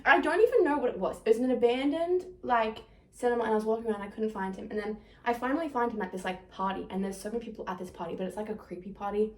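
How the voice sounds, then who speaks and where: A woman's voice: on the high side, rapid-fire, hardly any pauses. A young woman talking in a casual confessional vlog, rambling and emotional, mocking herself and breaking into laughs, standing a little away from the camera. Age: young adult. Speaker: vlogger. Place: indoor room. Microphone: camera some distance away. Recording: echoey room, camera away.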